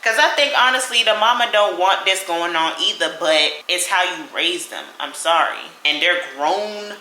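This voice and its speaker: A young woman vlogger telling a storytime in an animated, sassy way, talking straight to the listener. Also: fairly low pitch, moderate pace, echoey room, slight background noise. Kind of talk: storytime vlog.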